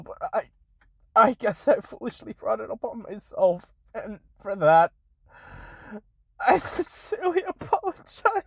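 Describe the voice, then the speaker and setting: A young woman making a tearful apology video, close to tears, halting and restarting her sentences as she apologizes again and again. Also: mid-range voice, no room sound. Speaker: content creator.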